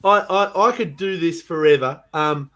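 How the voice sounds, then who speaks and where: A man's voice: fairly high pitch, moderate pace. Effusive Australian man hosting a stream. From Tasmania, Australia. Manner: effusive and excitable, swears freely, says "mate" often. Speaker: band member and host. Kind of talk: casual live stream chat.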